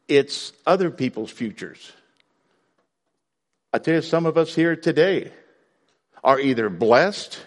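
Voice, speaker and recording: A man preaching a sermon to his congregation in a conversational way, breaking now and then into loud outbursts. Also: on the high side, in a large hall. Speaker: pastor.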